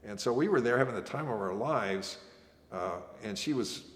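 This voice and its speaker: An older man recalls his army days for an oral history interview, and he slips into the voices of the people in his story. His voice sits a bit low. The room around him is echoey, with a long reverb tail. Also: moderate pace. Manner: animated storyteller, acts out quoted voices. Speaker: veteran interviewee.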